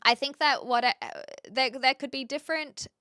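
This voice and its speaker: A woman's voice: high voice, steady tone, normal speed, sharp tone, dry recording, clean studio sound. A woman chatting casually on a live stream, reading viewer comments and correcting herself as she goes. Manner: chatty, self-correcting, talks through restarts.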